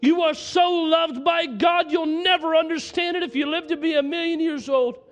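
Very high-voiced man preaching. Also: fairly even intonation, moderate pace. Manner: impassioned, reciting scripture aloud. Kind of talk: sermon.

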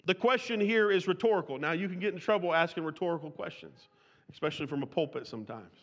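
High bright-voiced preacher in a reverberant hall. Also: male voice, fast. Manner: reads scripture aloud in King James wording; restarts and repeats words while speaking freely. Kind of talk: expository sermon.

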